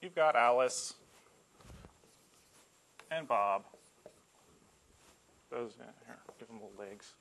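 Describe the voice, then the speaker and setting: A man giving a casual technical lecture, relaxed and joking, with frequent ums. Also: medium pitch, slow, creaky, pauses often, a little hiss or hum. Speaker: campus IT staff giving a colloquium talk.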